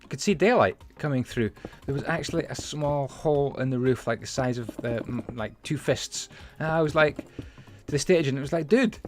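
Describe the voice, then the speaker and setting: A man's voice: mid-range voice, a little fast, hardly any pauses. Man, game-building host, chatty, rambling, filler-heavy, faint background music. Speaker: Minecraft building channel host. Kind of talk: casual building commentary and storytelling.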